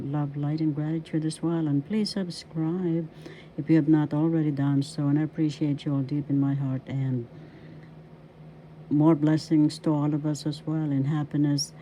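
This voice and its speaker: A woman language teacher giving a slow pronunciation lesson, sounding out each word syllable by syllable, repeating it, and adding gentle blessings. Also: deep voice, slight background noise, low-quality recording. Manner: gentle blessings and well-wishes.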